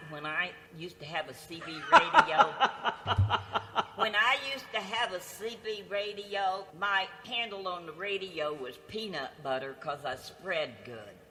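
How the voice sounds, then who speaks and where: Slow-talking older woman, teasing. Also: on the low side, pushed and bright, in a large hall. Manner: slow, teasing, bawdy humor. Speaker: host's mother, guest.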